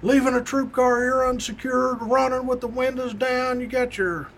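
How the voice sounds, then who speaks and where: A man's voice: very high-pitched, steady tone, normal speed, slight background noise, pitched above the performer's own voice. A man voicing an angry male police sergeant who is chewing out two troopers. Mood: furious scolding. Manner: yelling, scolding.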